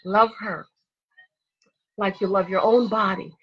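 A woman's voice: fairly even intonation, slow pace, a bit bright, breathy edge, dull audio. A woman giving dating advice in an emphatic, sassy, preachy monologue, hitting her punchlines hard. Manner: emphatic, sassy, repeats a punchline with rising pitch.

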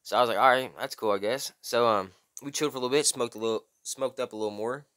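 A young man telling a story casually, full of slang and "bro", loudly acting out the people in it. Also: fast talker. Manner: slangy, animated, says "bro" often; acts out quotes in high strained voice. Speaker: vlogger.

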